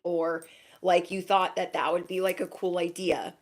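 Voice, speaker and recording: A woman's voice: lowish voice, flat delivery, normal speed. A young adult woman giving a casual intuitive reading to her viewers, frank and chatty, full of "like" fillers. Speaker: intuitive card reader.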